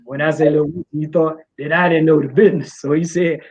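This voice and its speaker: A man's voice: fast, hardly any pauses, husky. A middle-aged man from Washington, D.C., a music promoter, talking in a casual, rambling way with a slight drawl. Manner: rambling, repeats fillers, drawling. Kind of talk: casual interview. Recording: muffled low-fidelity sound.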